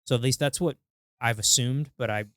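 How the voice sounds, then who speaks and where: A man's voice: medium pitch, brisk, fairly bright tone, no echo, studio quality. A man co-hosting a podcast, chatting casually and hesitantly, often restarting his sentences, on a podcast mic. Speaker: podcast co-host. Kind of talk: casual chat.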